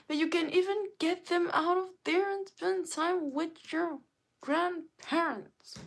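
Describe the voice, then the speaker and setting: A woman's voice: extremely high pitch, fairly even intonation, slow pace, creaky. A woman from Africa talking earnestly and emotionally in a casual livestream monologue, telling stories and preaching her point. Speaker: livestream host.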